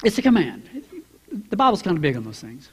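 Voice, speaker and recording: A man preaching a sermon as a pastor, acting out Bible characters in quoted voices and building to loud, emphatic preaching. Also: on the high side, wildly swooping pitch, quick pace, slightly rough, big-room sound. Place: church sanctuary.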